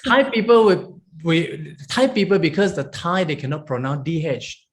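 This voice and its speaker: Chuckling often as he goes, a monk drills beginner Pali students on individual sounds, pausing to ask "okay?" His voice is a little high and animated, at a moderate pace.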